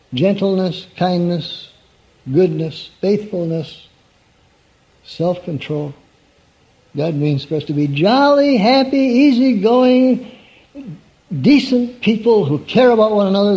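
Man preaching, folksy and chatty, fairly high voice, mellow tone, dull lo-fi recording. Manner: conversational, folksy, asks the audience questions. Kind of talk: evening sermon.

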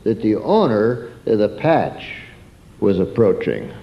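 Slow folksy man preaching a story. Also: lowish voice, huge pitch swings, vocal fry, highs cut off. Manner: homespun storytelling with rhetorical questions to listeners. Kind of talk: sermon told as a folksy childhood story.

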